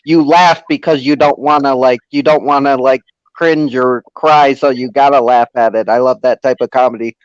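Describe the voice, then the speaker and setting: A man's voice: mid-range voice, fairly even intonation, normal speed, smooth, dry recording. A man in a casual chat who talks hesitantly and repeats himself. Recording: dry, dull lo-fi audio.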